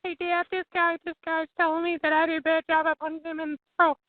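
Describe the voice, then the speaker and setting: A performer voicing a shrill, boastful young left-wing brawler who keeps interrupting with a very high-pitched voice. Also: monotone, no echo. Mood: whiny. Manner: interrupts with rapid repeated shouted "no" and "shut up". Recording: tinny phone-line call.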